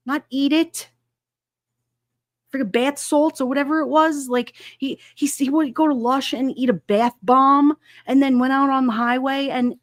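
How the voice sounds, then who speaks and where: A woman's voice: high voice, no echo. Chatty laughing woman, dry close sound. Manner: chatty, laughs often, rambling with many fillers. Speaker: livestream host. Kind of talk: casual live-stream chat reading comments.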